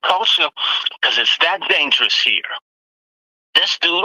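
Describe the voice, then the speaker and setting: A woman's voice: sits low, takes it slowly, pauses often, husky, no room sound, poor audio. A woman from the United States giving impassioned commentary as a roundtable panelist, acting out the exchanges she describes. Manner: animated, acts out quoted exchanges.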